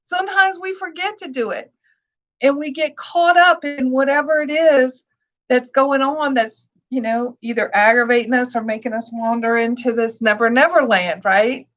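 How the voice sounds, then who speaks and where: A woman meditation teacher speaking gently to her class, repeating soft reassurances and laughing lightly now and then. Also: high voice, normal speed.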